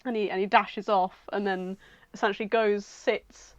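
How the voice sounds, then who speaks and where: A woman's voice: mid-range voice, moderate pace, no echo. Giggly woman, lo-fi sound. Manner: animated, giggly, acts out voices in quotes. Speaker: podcast co-host. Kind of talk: casual chat, retelling a fan fiction. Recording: dull lo-fi home recording.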